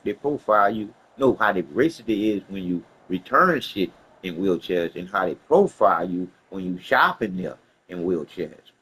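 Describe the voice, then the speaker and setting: Husky, animated man telling a story. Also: lowish voice, poor audio. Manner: animated, profane, laughs while telling. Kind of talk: casual storytelling.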